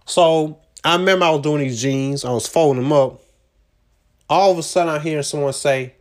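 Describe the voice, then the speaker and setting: A man with a fairly high-pitched voice talks briskly through a loose, profane story about his jobs and his job search, as a vlogger. His casual, rambling storytelling is packed with slang and fillers, and he is recorded without a proper microphone.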